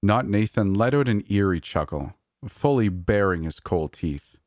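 A man narrating a horror story in a measured, steady reading. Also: on the low side, no echo, studio quality.

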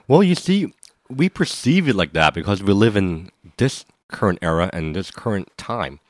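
A man co-hosting a podcast, speaking in a measured, thoughtful way that sometimes stumbles over repeated words. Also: lowish voice, very animated, no echo, studio quality. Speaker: podcast co-host. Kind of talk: casual podcast chat.

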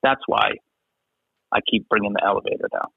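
A man's voice: fairly low pitch, wildly swooping pitch, a little fast, creaky, husky, no echo. A middle-aged basketball referee, a man, talking earnestly in a podcast interview and often asking "right?". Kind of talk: podcast interview, casual chat. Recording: tinny phone-line sound.

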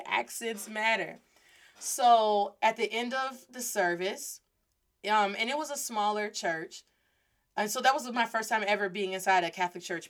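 A woman hosting a Spanish lesson, telling a lively story and drawing out key words for emphasis. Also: medium pitch. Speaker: Spanish teacher and host.

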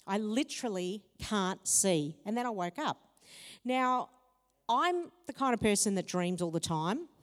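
A woman preaching a sermon, telling personal stories in a lively, expressive way that climbs in pitch when excited. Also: a little slow. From Italian heritage. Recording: long hall reverb.

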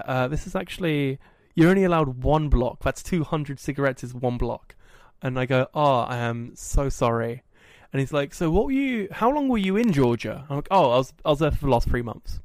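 A man hosting a podcast, telling a story in a casual, animated and self-mocking way. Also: mid-range voice, no room sound. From England. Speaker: podcast host. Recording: dry, poorly set up audio.

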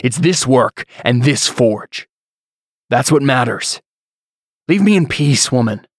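Brief: proud, short-tempered blacksmith, read by a man, plain mid pitch, dry mic. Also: takes it slowly, no echo. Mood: snapping. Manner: curt and defensive, barely holding his temper. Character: tense, proud middle-aged blacksmith.

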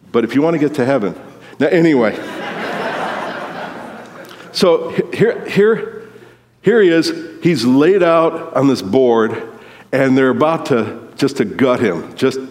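A man preaching a sermon in a storytelling way, sometimes acting out movie lines with sudden shouts. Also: mid-range voice. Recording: long hall reverb.

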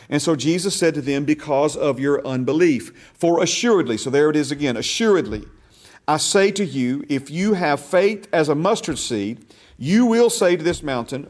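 Man, bible class teacher, emphatic, repeats phrases, reads scripture aloud, slightly high voice. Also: darkish tone.

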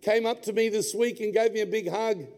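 A man, preaching a sermon in a large church hall and telling his own family story with deep feeling. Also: steady tone, a little fast, darkish tone, clean tone. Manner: heartfelt personal storytelling. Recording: long hall reverb.

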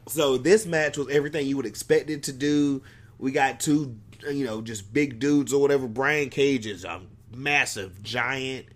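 A man's voice: mid-range voice, normal speed, fairly bright tone. A man co-hosting a podcast, recapping wrestling in rambling casual chat, swearing and laughing often. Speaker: podcast co-host.

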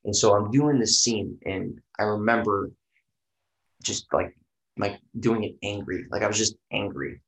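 A man's voice: fairly low pitch, a little slow, a bit bright, roomy sound. A man in casual podcast conversation, rambling loosely and swearing freely, packing his talk with fillers like "you know" and "right".

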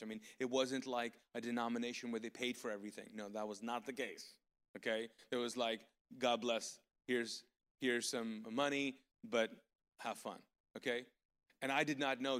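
A man preaching a live sermon as pastor, telling stories in an animated way with sudden loud outbursts of excitement. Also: mid-range voice. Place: large church auditorium. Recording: long hall reverb from live church service.

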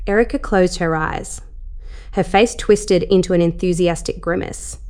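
Low-voiced woman reading a story. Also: steady tone, a little slow, a little mellow. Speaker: storyteller, channel host. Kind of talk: adult story narration.

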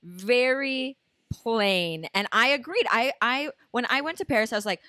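A woman's voice: fairly high pitch, lively intonation, normal speed, bright, forceful tone, dry recording. Blunt young woman co-hosting. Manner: candid, blunt storytelling. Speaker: podcast co-host. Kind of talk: casual chat.

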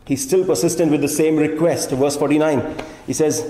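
A man preaching a sermon as pastor, animated, often voicing imagined speakers in his asides. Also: fairly high pitch, a little fast, hardly any pauses, roomy sound, long reverb tail.

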